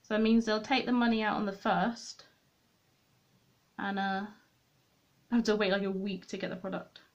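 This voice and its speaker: A woman's voice: mid-range voice, flat delivery, moderate pace, lo-fi sound. A young woman chatting to viewers while she does her makeup at a desk at home, rambling and poking fun at herself. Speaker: beauty vlogger. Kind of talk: chatty get-ready-with-me vlog. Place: room at home, at a desk with a mirror.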